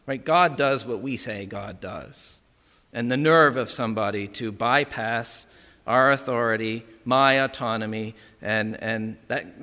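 Male preacher, conversational sermon, bright tense tone, reverberant hall. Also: mid-range voice. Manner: conversational, frequent "right?" and "okay".

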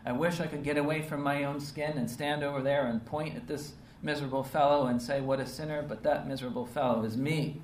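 A man's voice: a little high, steady tone, brisk, hardly any pauses, slight background noise. A man preaching a sermon in an earnest, emphatic way, often checking in with his listeners through short rhetorical questions. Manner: earnest, emphatic, with frequent rhetorical "right?" and "okay?" tags. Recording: roomy, distant mic with faint ambience.

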